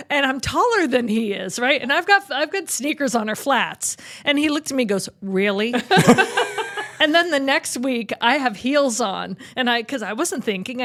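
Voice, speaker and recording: Chatty, animated woman host. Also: on the high side. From Boston area. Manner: animated storyteller, laughs often. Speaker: podcast host. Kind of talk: casual chat.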